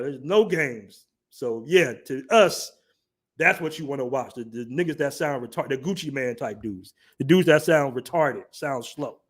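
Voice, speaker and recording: A man's voice: medium pitch, expressive, normal speed, slightly rough. A man in his forties hosting a livestream, talking casually in slang and joking with his chat. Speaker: livestream host.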